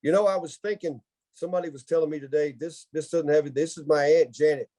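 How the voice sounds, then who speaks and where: A man from the United States with a somewhat high, mellow voice, telling family stories on a podcast. He keeps laughing his way through the tale. The sound is dry and close. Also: fast, no echo. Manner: laughing, animated storyteller. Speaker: podcast co-host. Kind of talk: casual storytelling chat.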